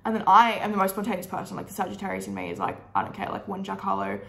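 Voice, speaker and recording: A young woman with an Australian accent and a croaky, hoarse voice, chatting casually and upbeat with lots of fillers while doing her makeup. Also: medium pitch, little pitch movement, rapid-fire, fairly bright tone, roomy sound. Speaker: beauty vlogger.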